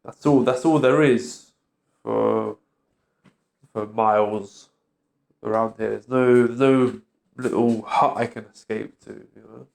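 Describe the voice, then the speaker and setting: A man's voice: fairly low pitch, steady tone, slow pace, vocal fry, pauses often, darkish tone. A man talking bitterly in an agitated, profane vlog rant. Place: London street.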